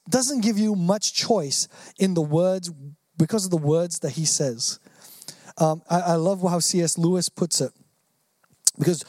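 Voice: mid-range voice, darkish tone, dry recording. Emphatic preacher, dry close sound. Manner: earnest, emphatic, acts out quotes in voices. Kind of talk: sermon.

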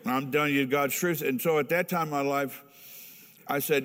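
A man's voice: mid-range voice, fairly even intonation, normal speed, fairly bright tone. Earnest older man in a reverberant hall. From Ohio, USA. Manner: earnest and candid, breaking into chuckles. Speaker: speaker giving a personal testimony. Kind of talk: personal testimony storytelling.

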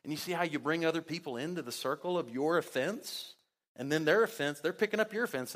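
A man preaching a sermon as pastor, talking conversationally with sarcasm, his pitch and loudness jumping as he acts out quotes. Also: quick pace. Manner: big swings in pitch and loudness.

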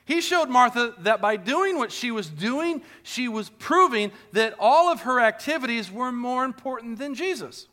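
High, bright-voiced preacher. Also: male voice. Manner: earnest, rhetorical questions, shifts between loud and hushed. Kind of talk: sermon.

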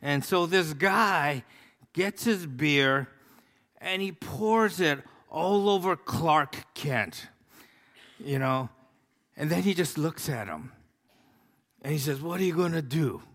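A man's voice: a little high, expressive, takes it slowly, long pauses, fairly bright tone. Man preaching in a reverberant hall. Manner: conversational, storytelling with many fillers. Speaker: pastor. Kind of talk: sermon. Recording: long reverb of a large hall.

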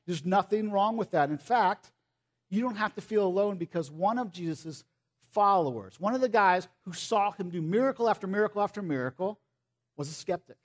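A man preaching a sermon in a somewhat high voice. He is animated, rising to loud acted-out quotes and then dropping to a soft, pleading tone. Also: brisk. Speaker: pastor.

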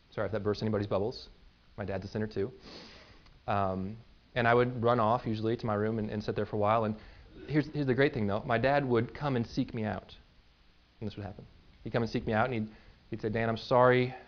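Conversational pastor, a man preaching. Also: lowish voice. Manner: conversational, checks in with "right?" and "okay?". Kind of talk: sermon. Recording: dull lo-fi recording.

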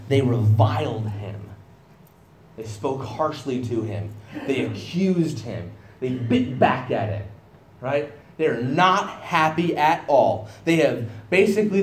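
A man's voice: on the high side, darkish tone, echoey room. A man preaching through a Bible passage in a conversational way, often checking in with his listeners and acting out the people in the story. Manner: conversational, asks "right?" often, acts out quoted voices. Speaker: pastor. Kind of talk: expository sermon.

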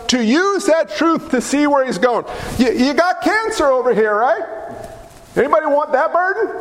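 A man preaching a lively sermon, joking and asking the congregation questions. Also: very high voice. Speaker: pastor. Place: church hall. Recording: echoey hall with faint noise.

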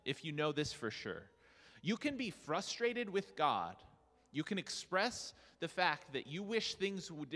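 Animated male preacher in a reverberant hall. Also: a little high. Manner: earnest, animated preaching with rhetorical questions. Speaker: pastor. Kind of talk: sermon.

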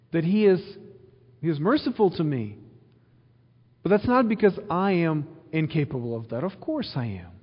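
A man's voice: sits high, slightly rough. A male pastor giving an earnest sermon full of repeated phrases and rhetorical questions. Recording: dull sound with long hall reverb.

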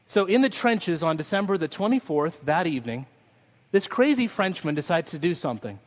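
Speaking a little fast and very animated, a man with a voice on the high side preaches a Christmas Eve sermon as pastor. He tells stories, breaks into sung snippets, and closes by leading prayer, all under a long hall reverb.

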